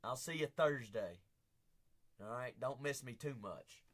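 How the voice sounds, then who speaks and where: A man hosting a live-streamed card break, chatting with viewers by name, teasing them, and breaking into hype shouts as he talks through teams while standing. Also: medium pitch, lively intonation, a little slow. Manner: hype-driven, bursts into shouts. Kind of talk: live-stream auction patter.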